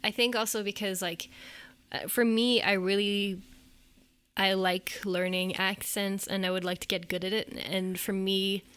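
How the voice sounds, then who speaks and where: A woman's voice: medium pitch, flat delivery, measured pace, a bit bright, clear, resonant tone, no room sound. Chatty Canadian woman, dry close sound. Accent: Canadian English. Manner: chatty, lots of "like". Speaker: podcast co-host. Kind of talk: casual chat.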